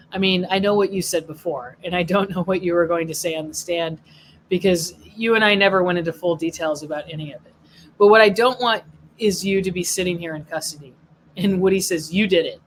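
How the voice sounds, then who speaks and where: A woman's voice: lowish voice, fairly quick, slight background noise, rough recording. A woman, a legal affairs journalist, reading a court transcript aloud and naming each speaker before their words.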